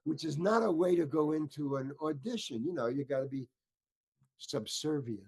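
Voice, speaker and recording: A man's voice: fairly high pitch, moderate pace, darkish tone. An older man, an actor, tells an anecdote in an interview, stammering and restarting and acting out the people in his story as he gets worked up. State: getting worked up.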